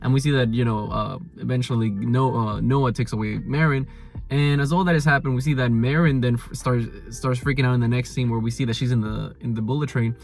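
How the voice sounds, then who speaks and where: Brisk and gravelly in a mid-range voice, a young man rambles through a casual review of an anime episode. He restarts often, says "like" constantly, and paraphrases the characters with animated energy.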